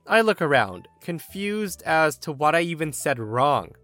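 Lively man telling a story. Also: fairly high pitch, a little slow, few pauses, no echo, faint music behind. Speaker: podcast host reading a story. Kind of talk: storytelling narration.

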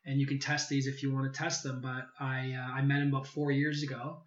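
A man being interviewed, telling a personal story in a casual, animated way and acting out quoted dialogue. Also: mid-range voice, fairly quick. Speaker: podcast guest. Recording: echoey room, slightly dull sound.

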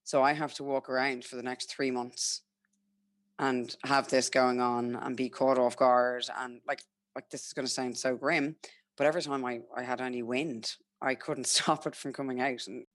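A young Irish woman, a guest, shares her own story in a frank, chatty way, quoting herself and other people along the way. Her voice is bass-deep with a flat delivery at a normal speed. The studio recording is clean, with no room sound.

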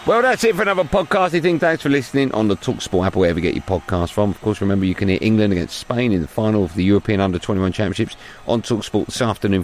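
A man hosting a sports radio show and podcast, chatty and jokey. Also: fairly low pitch.

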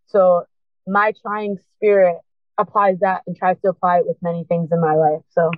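A woman's voice: fairly low pitch, flat delivery, moderate pace, dry recording. A woman speaks with earnest, rising urgency as she tells her own story and urges listeners on. Her voice comes through thin and tinny, like a phone call. There is no room sound around her. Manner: earnest, impassioned, urgent encouragement. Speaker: guest. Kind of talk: emotional personal testimony.

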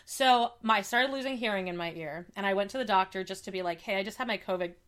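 Animated young woman telling a story. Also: mid-range voice, fast. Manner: animated storytelling, acts out quoted dialogue. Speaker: podcast co-host. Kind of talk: casual chat.

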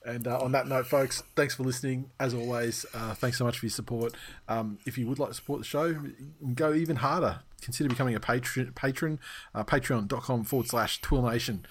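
A man's voice: mid-range voice, steady tone, fairly quick, slight background noise. A man hosting a podcast, chatting casually with lots of fillers and restarts and the odd swear word. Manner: rambling, swears freely, many fillers and restarts. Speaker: podcast host. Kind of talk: casual chat.

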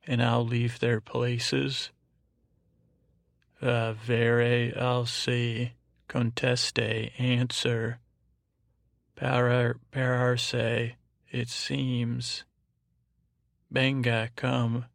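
A man's voice: medium pitch, flat delivery, slow, creaky, no room sound, clean studio sound. A man hosting a bedtime podcast, rambling along and stumbling over foreign words as he reads them out. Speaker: podcast host.

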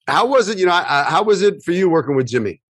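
A man hosting a casual interview, chatting and telling his own quick anecdotes, often saying "you know". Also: high voice, sing-song, a bit bright, breathy edge, no echo. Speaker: interviewer and actor.

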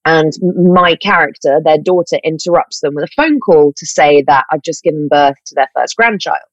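A woman, an actress talking in an animated, chatty way with fillers and self-corrections in an interview. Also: low voice, moderate pace, no room sound, muffled recording. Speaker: actress guest. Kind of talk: casual interview chat.

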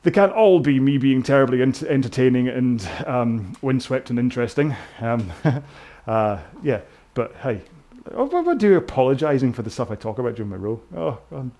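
A man's voice: medium pitch, animated, normal speed, warm tone. A British man coaching a rowing workout indoors, chatting in a rambling, self-mocking way with jokey asides. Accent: British English.

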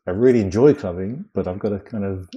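A man's voice: fairly low pitch, fast, lo-fi sound. A man, a comedian guest in a casual interview, telling stories animatedly, acting out dialogue and laughing as he goes. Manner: animated, laughing storyteller who acts out quoted dialogue.

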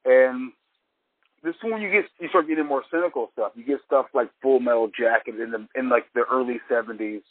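A man's voice: mid-range voice, a little fast, no echo. A man on a podcast talking casually about old films in a rambling, profane, opinionated way. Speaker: podcast co-host. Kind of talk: casual film chat. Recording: dry tinny phone-like line.

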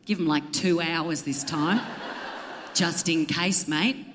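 An Australian woman in her thirties, a comedian co-hosting a live podcast, does stand-up on a theatre stage in a reverberant recording. Her low voice takes its time as she tells an exasperated, self-mocking story, swearing and acting out other people.

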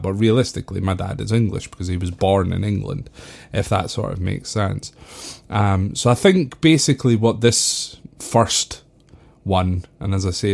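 A man's voice: lowish voice, vocal fry, darkish tone. Scottish man, casual rambling podcast host. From Scotland. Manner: rambling, with frequent ums and "if that makes sense". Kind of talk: casual solo podcast talk.

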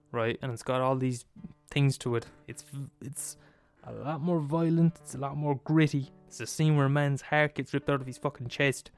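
A man telling a film story in a casual, animated monologue, swearing freely and digressing. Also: mid-range voice.

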